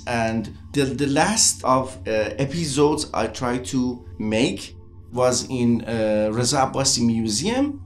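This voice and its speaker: Halting man in echoey room. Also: mid-range voice, lively intonation, soft background music. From Iran. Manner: halting non-native English with frequent restarts. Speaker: interviewee artist. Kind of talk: documentary interview testimony.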